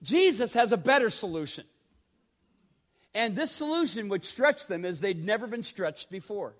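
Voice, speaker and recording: A man's voice: high voice, animated, moderate pace. A man preaching a sermon in a conversational way, often repeating words and asking the congregation questions. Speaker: pastor.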